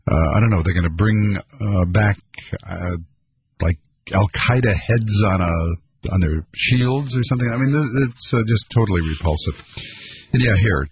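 A man's voice: lowish voice, breathy edge, no echo. A man hosting a political call-in radio show, talking in an indignant, sardonic way with many fillers. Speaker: radio talk show host. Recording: slightly dull radio audio.

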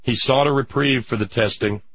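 A man delivering an impassioned political monologue as a radio commentator, indignant, with drawn-out emphatic pauses. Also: mid-range voice, husky, no room sound, muffled recording.

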